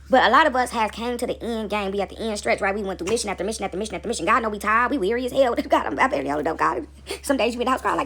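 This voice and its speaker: A woman preaching casually on a home video, animated and slangy, swearing freely and often laughing. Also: on the high side, rapid-fire. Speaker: spiritual video creator and mother. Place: home, seated with dogs nearby.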